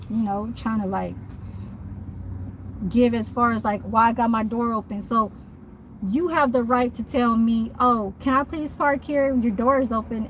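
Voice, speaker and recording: A woman's voice: fairly high pitch, fairly bright tone, a little hiss or hum, low-quality recording. A woman who works as a mobile nail tech, ranting bluntly and profanely in a casual vlog from her parked car.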